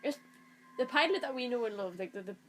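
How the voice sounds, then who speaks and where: Teasing, animated young woman. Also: fairly high pitch, soft background music. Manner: teasing, chatty, quick to laugh. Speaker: podcast co-host. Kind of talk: casual chat while watching a show. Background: TV show playing.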